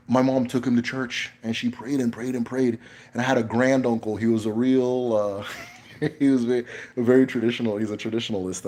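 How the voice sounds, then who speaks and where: A man's voice: mid-range voice, mellow. A man hosting a casual livestream Q&A, talking in a blunt, emphatic way with frequent profanity. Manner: emphatic, blunt, profane, tags points with "right?". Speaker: livestream host.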